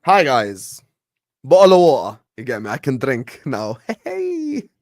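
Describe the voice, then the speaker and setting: A man's voice: medium pitch, moderate pace, no room sound, studio quality. A young man in his twenties with a Scouse accent, chatting casually and animatedly with viewers in a live Q&A, full of slang and jokes. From Liverpool, England. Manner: animated, slangy, jokey, reads chat aloud. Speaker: streamer answering viewer questions.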